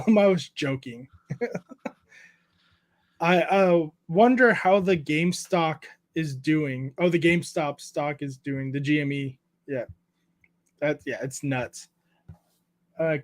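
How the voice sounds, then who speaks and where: High-voiced man telling rowdy stories. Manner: profane, animated storytelling; reads chat aloud. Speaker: streamer host. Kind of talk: casual livestream chat.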